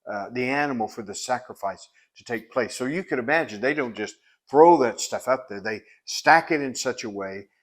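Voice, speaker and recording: A man's voice: mid-range voice, normal speed. A man teaching a Bible lesson in an earnest, explanatory way. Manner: earnest and explanatory, with frequent restarts and fillers.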